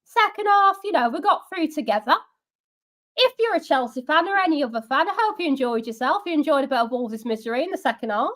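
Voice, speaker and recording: Young woman, high voice, sarcastic live-stream football fan host. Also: expressive, fast talker, fairly bright tone. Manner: sarcastic, chatty, reads out viewer comments. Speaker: fan channel watch-along host. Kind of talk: live match watch-along chat.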